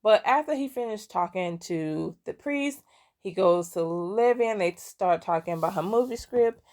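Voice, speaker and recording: A woman's voice: medium pitch, animated, moderate pace, a little mellow. A young woman casually recapping a story game, rambling with lots of fillers and restarts, and often laughing in amusement. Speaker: gaming content creator.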